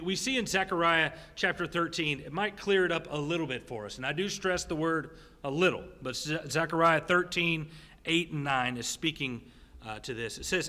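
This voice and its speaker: A man pastor preaching a sermon in a church, animated and jokey, with quick asides to the congregation. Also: fairly high pitch. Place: church sanctuary. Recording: long church hall reverb.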